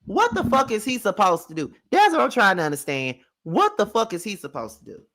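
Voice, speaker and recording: A man hosting a casual live recap of a reality show, animated and profane, talking back at the people on screen. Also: high voice, brisk.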